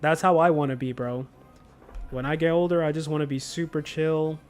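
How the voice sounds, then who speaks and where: A man's voice: a little high, steady tone, normal speed, darkish tone, soft background music. A young man livestreaming a game, chatting casually and telling stories in a laid-back way with slang. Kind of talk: casual chat while gaming.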